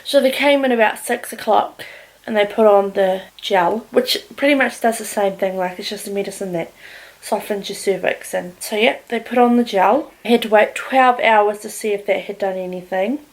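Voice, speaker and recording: A woman's voice: mid-range voice, normal speed, rough recording. A woman vlogger, candidly telling a personal story in casual talk, swearing often. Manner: candid, heavy swearing, animated retelling.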